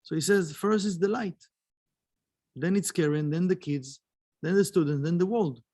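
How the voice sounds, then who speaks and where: A man teaching a spiritual lesson in an earnest, halting way, with many fillers as he tells a story. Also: sits high, mellow, dry recording. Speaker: kabbalah teacher. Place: kabbalah center.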